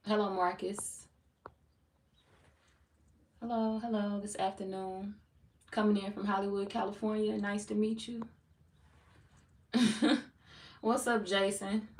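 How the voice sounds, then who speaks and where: A woman from St. Louis, Missouri, with a Missouri accent, hosting a tarot livestream and greeting viewers in loose, playful, slangy chat. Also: mid-range voice. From Saint Louis, Missouri. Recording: roomy echo, mic at a distance.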